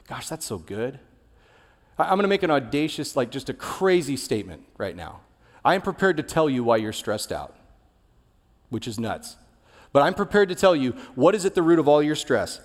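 A man's voice: mid-range voice, animated, fairly quick. A young adult male pastor giving a sermon in a candid, conversational way, sharing personal stories. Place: large church hall. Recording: long reverb of a large hall.

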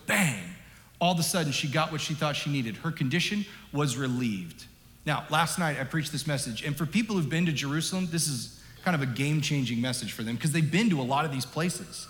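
A man preaching a sermon as a pastor, animated and emphatic, dropping low and rising up for stress. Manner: animated, emphatic, varies loudness. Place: large church hall. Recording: echoey hall with long reverb.

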